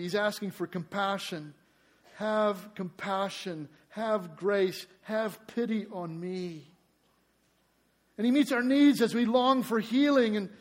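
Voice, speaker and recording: Emphatic high-voiced male pastor preaching. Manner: emphatic, rhetorical questions to congregation; acts out quoted cries loudly. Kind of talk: sermon.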